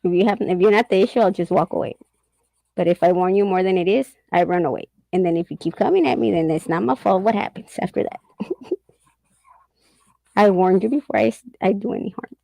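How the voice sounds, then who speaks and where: A woman's voice: medium pitch, a little fast, gravelly, mellow, no room sound, low-quality recording. A middle-aged woman chatting candidly and casually, swearing and laughing often as she talks. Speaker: host. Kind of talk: casual chat.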